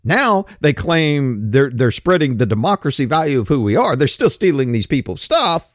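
A man's voice: medium pitch, sing-song, moderate pace, dry recording, studio quality. A man in his fifties delivering a blunt, opinionated monologue, ranting and swearing casually. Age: 50s.

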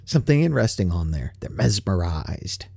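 An older man with a drawl rants bluntly as a show host, swearing freely and firing off rhetorical questions. His pitch swings widely as he talks, and the sound is dry and close with no room around it. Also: big pitch swings, normal speed, creaky, warm tone, slightly rough, no echo. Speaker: podcast host. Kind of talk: casual rant.

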